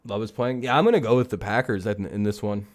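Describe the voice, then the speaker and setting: A man's voice: lowish voice, fast talker. A man hosting a casual live football talk stream, rambling and joking with plenty of swearing. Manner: rambling, profane, laughing jokily. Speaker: streamer and host.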